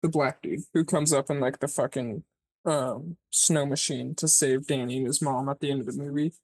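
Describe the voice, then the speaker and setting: Podcast co-host, husky, dead-dry sound, casual profane movie recap, acts out the characters. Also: medium pitch, steady tone, moderate pace, darkish tone, dry recording. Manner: rambling, profane, peppered with "like"; acts out characters' lines mid-story.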